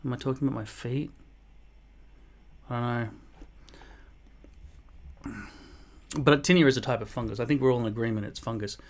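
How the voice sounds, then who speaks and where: A man's voice: mid-range voice, fairly even intonation, normal speed, long pauses. A man, casually reading and answering viewer comments in a blunt, mock-boastful way, swearing often. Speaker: vlogger replying to comments. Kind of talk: casual comment-reply monologue.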